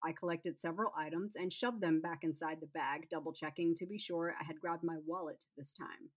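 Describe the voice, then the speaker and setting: Woman, author, first-person narration, chatty asides, lowish voice. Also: fairly even intonation, fairly quick, few pauses. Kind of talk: reading her own fiction aloud.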